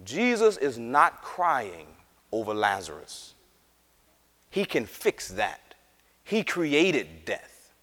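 A man teaching a Bible class, animated and acting out the scripture characters as he reads. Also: medium pitch, extremely slow, pauses often. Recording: reverberant room.

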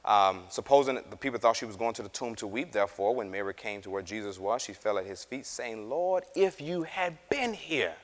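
A man teaching a Bible class, animated and acting out the scripture characters as he reads. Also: fairly low pitch, fast, hardly any pauses. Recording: reverberant room.

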